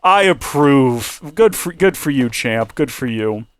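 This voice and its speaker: A man's voice: medium pitch, expressive, a little slow, clear, resonant tone. A man hosting a gaming channel, rambling and joking with viewers in a chatty commentary while his voice starts to give out. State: losing his voice. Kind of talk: chatty let's-play commentary.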